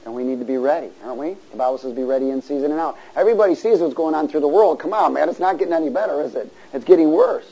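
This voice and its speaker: A man preaching a sermon, asking the congregation to answer and building to loud exhortation. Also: on the high side, lively intonation, very fast, vocal fry, few pauses, husky, poor audio. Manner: call-and-response, rising to loud exhortation.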